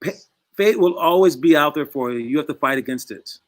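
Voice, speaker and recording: A man's voice: on the high side, animated, a little fast. A young man coaching his basketball players in a casual, rambling talk full of little asides. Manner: chatty, rambling, acts out voices in quotes.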